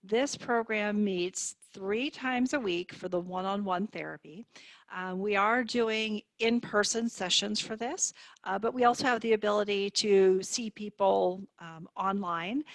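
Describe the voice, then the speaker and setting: A woman speech therapist explains and coaches in a clear, encouraging way. Her voice sits at an ordinary middle pitch. The sound is dry and close, as on a video call. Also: no room sound. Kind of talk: online therapy demonstration.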